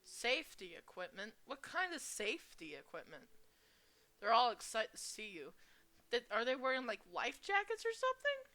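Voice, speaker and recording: A woman's voice: fairly high pitch, huge pitch swings, pushed and bright. A young woman reading a visual novel aloud and adding crude asides. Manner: reads slowly, with crude asides. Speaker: gamer.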